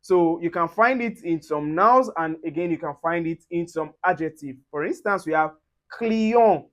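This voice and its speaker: Man teaching, slow and careful. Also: a little high. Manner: slow, careful repetition of example words. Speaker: French tutor. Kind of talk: pronunciation lesson.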